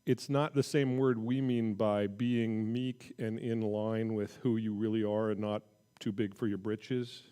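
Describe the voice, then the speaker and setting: Relaxed conversational male Bible teacher. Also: fairly low pitch, measured pace, clean tone. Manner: conversational, animated when reading scripture aloud. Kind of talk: casual midweek Bible teaching.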